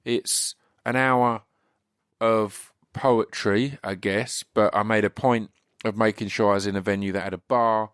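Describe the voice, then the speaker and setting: A man with an English accent hosting a podcast, his voice slightly croaky, chatting casually in a rambling way with many restarts. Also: fairly low pitch, no room sound, studio quality. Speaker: podcast host. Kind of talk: casual solo intro.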